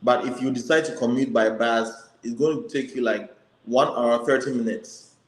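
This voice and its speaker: A man's voice: medium pitch, steady tone, moderate pace. Interviewer man in a roomy echo. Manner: conversational, prompting questions with brief affirmations. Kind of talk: casual interview.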